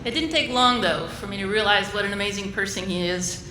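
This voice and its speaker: A woman reads an admiring introduction for a guest speaker. Her voice is bright and crisp. A long hall reverb trails behind her words. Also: mid-range voice, a little fast, slight background noise. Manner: admiring, reading from notes. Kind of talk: prepared introduction. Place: lecture hall.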